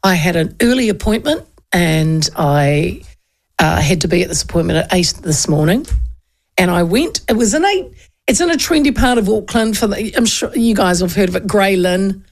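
A middle-aged New Zealand woman hosting a radio show, telling a story in a chatty, animated way with frequent laughs. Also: medium pitch, normal speed. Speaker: radio host. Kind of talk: casual storytelling chat.

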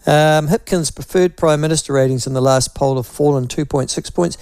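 A man's voice: on the high side, brisk, darkish tone, smooth, dry recording, studio quality. A man with a New Zealand accent hosting talkback radio, teasing apart a phrase with wry, mocking repetition. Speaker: talk radio host.

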